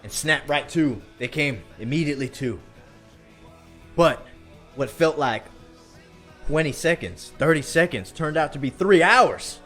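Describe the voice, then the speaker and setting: A man's voice: a little high, lively intonation, fairly bright tone, faint music behind. Folksy man telling a country-style tale. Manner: folksy, drawn-out, checks in with "all right?". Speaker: podcast co-host. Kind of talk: country storytelling.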